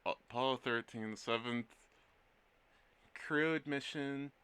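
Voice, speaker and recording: A man's voice: mid-range voice, slow pace, a bit bright, clear, resonant tone. A man streaming his art, chatting casually and playfully with his viewers in a rambling way. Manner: playful, rambling, jokes with chat. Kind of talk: casual live-stream chat.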